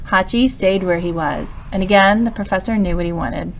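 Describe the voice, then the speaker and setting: A woman narrating a children's story, reading aloud in a calm, even manner. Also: mid-range voice, normal speed, a little hiss or hum. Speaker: storybook reader.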